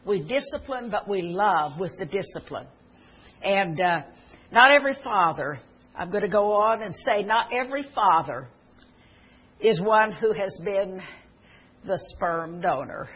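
Woman preacher, husky tone, earnest storytelling sermon with emphatic peaks. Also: medium pitch, unhurried, low-quality recording. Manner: earnest, swelling to emphatic exhortation. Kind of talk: sermon with personal stories.

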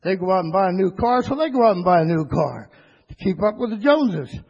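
A man preaching a sermon to his church, rising into high, excited bursts and calling for amens. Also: a little fast, husky. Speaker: pastor. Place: church sanctuary. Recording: dull lo-fi church recording with long reverb.

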